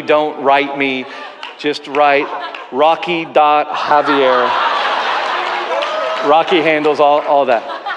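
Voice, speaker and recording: A man's voice: on the high side, fairly bright tone, big-room sound, a little hiss or hum. A man preaching a sermon as a pastor, earnestly telling stories with self-deprecating humor. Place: church auditorium.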